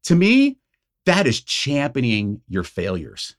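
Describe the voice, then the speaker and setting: A middle-aged man talking through a personal story in a relaxed podcast chat. He acts out the back-and-forth lines as he goes, with an animated, storytelling way of speaking. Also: medium pitch, slow. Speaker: ministry leader, podcast guest. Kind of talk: casual conversational storytelling.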